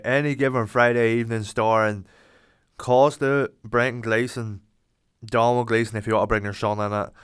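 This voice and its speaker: A young Irish man hosting a podcast, rambling excitably, swearing and acting out imagined conversations. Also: medium pitch, smooth, dry recording, studio quality. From Ireland. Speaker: podcast host. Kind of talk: casual monologue.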